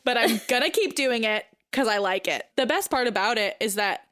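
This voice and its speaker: A woman's voice: on the high side, moderate pace. A woman co-hosting a podcast, chatting casually about a film and acting out characters' lines. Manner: animated, slips into quoting characters. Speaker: podcast co-host.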